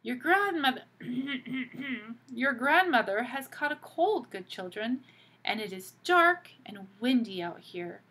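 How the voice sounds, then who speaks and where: Woman reading as a sly old wolf, fake grandmother, coaxing, slow, breathy. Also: fairly high pitch, expressive, sharp tone, exaggerated voice. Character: cunning old male wolf posing as grandmother.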